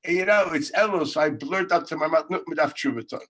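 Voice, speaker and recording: A middle-aged man, a yeshiva rabbi, teaching an informal Talmud class. He tells a story between points, laughing and shouting out quotes, and speaks over a video call. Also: a little high, brisk.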